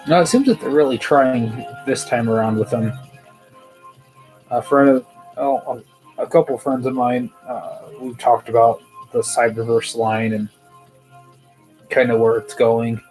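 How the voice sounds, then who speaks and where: A man's voice: medium pitch, steady tone, measured pace, pauses often, a little mellow, faint music behind, rough recording. A man hosting a casual toy news show, rambling and hesitant, with many fillers, tired and yawning. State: sleepy, yawning.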